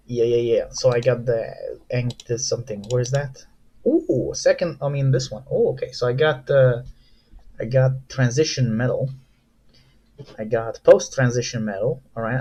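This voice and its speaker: A man's voice: medium pitch, darkish tone. A young man casually rambling through a card unboxing, profane and self-mocking. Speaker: vlogger.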